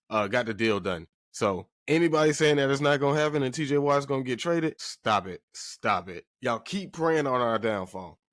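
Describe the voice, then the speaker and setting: A man's voice: medium pitch, no room sound, clean studio sound. A man hosting a sports podcast in casual talk, emphatic and repeating phrases for effect while addressing listeners directly.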